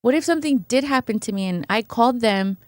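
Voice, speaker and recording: A woman's voice: on the high side, fast talker, no room sound, clean studio sound. A woman guest on a podcast, telling a personal story casually and acting out what people said, often tagging on "right?". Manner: animated retelling, acting out quoted voices, fillers like "right?". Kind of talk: conversational storytelling.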